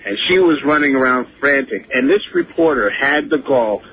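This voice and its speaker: A man's voice: medium pitch, animated, normal speed. A man calling in to a radio show, urgent and rambling, with many restarts. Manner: urgent, rambling with repeated starts. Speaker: caller. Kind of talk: call-in radio. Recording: tinny phone line with faint hiss.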